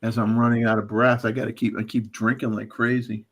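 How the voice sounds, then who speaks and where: A man's voice: medium pitch, a little fast. A man hosting a photography livestream, chatting casually and reading out viewer photo details. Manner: relaxed, chatty, reads out camera settings. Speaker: livestream host. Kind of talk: casual chat.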